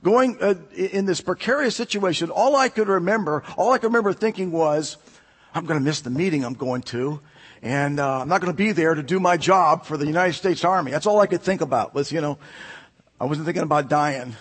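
High-voiced man preaching in an echoey church. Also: fairly quick. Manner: storytelling, animated, laughs often. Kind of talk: sermon with personal story.

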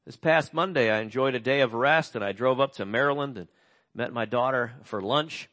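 A middle-aged male pastor preaching a sermon and reading scripture, earnest, slowing and dropping soft on key words. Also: medium pitch.

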